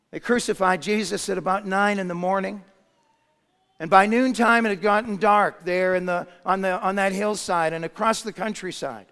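A man preaching a sermon, retelling a story dramatically, dropping to a hush and then rising to shouts. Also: high-pitched, moderate pace. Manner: dramatic retelling with shifts between hushed and shouted lines. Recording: long hall reverb.

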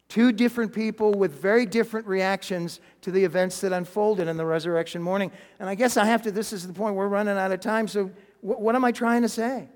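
A pastor with a high-sitting voice preaches a sermon, telling a story with animated swings and dropping almost to a whisper for emphasis. He chuckles and restarts a few times. A long hall reverb surrounds him.

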